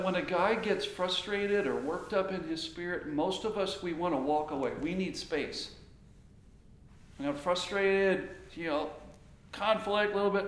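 A middle-aged man preaches in a relaxed, conversational way, slipping into quick acted-out snippets of dialogue. His voice sits a little high for a man. The sound is roomy, with faint ambient noise behind him. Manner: animated, acts out quoted dialogue. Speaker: pastor teaching on marriage. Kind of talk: conversational sermon.

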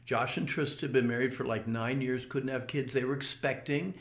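A man's voice: mid-range voice, steady tone, brisk, reverberant. An older man earnestly recounting a personal experience in an interview, often restarting his words. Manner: earnest storytelling with repeated restarts. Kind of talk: personal testimony.

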